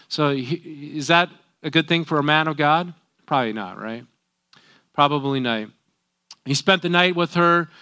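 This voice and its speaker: Bright, clear-voiced man reading scripture. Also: medium pitch. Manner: reads scripture then breaks in with folksy asides. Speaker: Bible teacher. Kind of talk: informal Bible reading with commentary.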